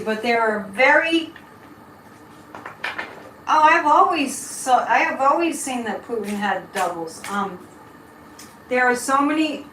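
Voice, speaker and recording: In a roomy, echoing recording with slight background noise, a middle-aged woman runs a casual live tarot reading as a psychic livestream host, digressing while she chats over viewer comments. Her pitch is fairly high and her tone fairly bright.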